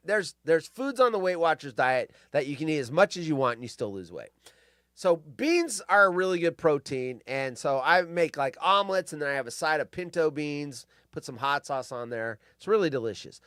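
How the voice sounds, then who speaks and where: A man in his fifties hosts a solo podcast and rants in loose, profane stories. His pitch swings widely as he mocks people, and his voice sits fairly high for a man. The sound is close and dry. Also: no echo. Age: 50s. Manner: profane, animated storytelling with mocking put-on voices. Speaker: podcast host. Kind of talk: casual solo podcast rant.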